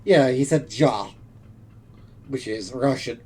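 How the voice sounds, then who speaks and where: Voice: mid-range voice, slow, a little mellow, slight background noise. A streamer talking through a live game playthrough in chatty, wry asides.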